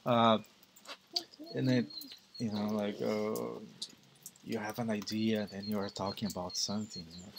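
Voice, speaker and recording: A man's voice: on the low side, flat delivery, normal speed, gravelly, pauses often, noisy background. A man hosting a casual podcast interview, chatty and laughing easily, often repeating words while he searches for the next thought. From United States. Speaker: podcast host.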